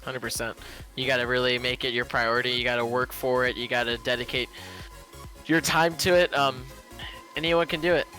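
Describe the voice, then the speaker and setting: A man's voice: mid-range voice, fairly quick, faint music behind. A man who is a drone racing pilot, talking casually on a livestream in an easygoing way with many fillers. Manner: relaxed, easygoing, with frequent fillers.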